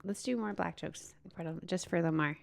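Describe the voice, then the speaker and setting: A woman co-hosting a comedy podcast, chatting casually with blunt, crude, deadpan remarks. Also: fairly low pitch, fairly quick, gravelly. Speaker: podcast co-host, comic.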